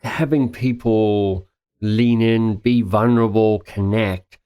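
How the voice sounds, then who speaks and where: A man hosting a podcast interview, enthusiastic and gushing, quick to laugh. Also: lowish voice, fairly even intonation, mellow, clear, resonant tone. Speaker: podcast host. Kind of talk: casual interview.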